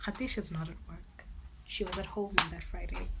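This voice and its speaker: A South African woman in her twenties telling an animated storytime vlog, switching languages and breaking into loud exclamations. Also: lowish voice, moderate pace, very noisy. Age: 20s. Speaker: vlogger.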